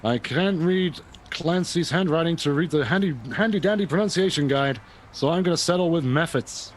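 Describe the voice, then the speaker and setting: A man's voice: a little high, normal speed, slight background noise. A man commentating a tabletop game arena battle in a theatrical, mock-formal style.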